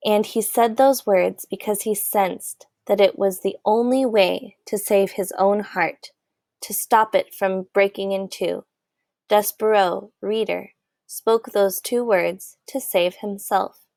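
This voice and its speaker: Slow, gentle woman reading a storybook. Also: mid-range voice, gravelly, no room sound, studio quality. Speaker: audiobook reader. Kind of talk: storybook narration.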